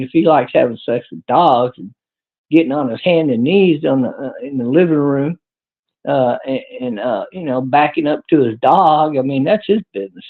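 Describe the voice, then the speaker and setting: Gravelly, rambling livestream man. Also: medium pitch. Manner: crude, rambling, chuckling. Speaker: livestream podcast host. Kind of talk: rambling livestream chat answering viewers. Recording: tinny phone-like audio.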